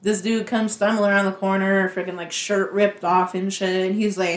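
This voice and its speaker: A woman from Las Vegas who works as a budtender, telling stories in casual slangy chat and acting out customers in quick voices. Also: mid-range voice, little pitch movement. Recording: roomy echo.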